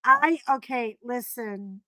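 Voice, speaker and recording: Excitable woman chatting on a stream, really high voice, dry close sound, laughs a ton. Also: takes it slowly, dry recording, rough recording. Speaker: guest caller on a live stream. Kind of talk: casual live-stream chat.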